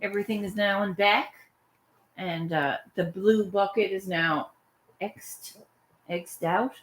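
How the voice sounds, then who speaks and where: A woman's voice: mid-range voice, steady tone, takes it slowly. A Canadian woman artist vlogging casually, venting and swearing freely as she chats about her day. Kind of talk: casual chat.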